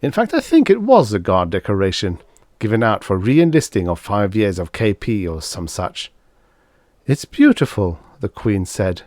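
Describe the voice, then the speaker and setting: A man narrating an audiobook in a sardonic, knowing tone. His voice sits on the low side and is recorded dry and close. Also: sing-song, normal speed, darkish tone, no echo. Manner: wry, sardonic first-person storytelling.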